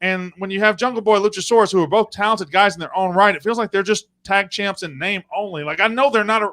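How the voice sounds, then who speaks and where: High, bright-voiced man chatting loosely. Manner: jokey, profane asides, rambling. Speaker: podcast host, guest. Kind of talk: casual live-stream chat.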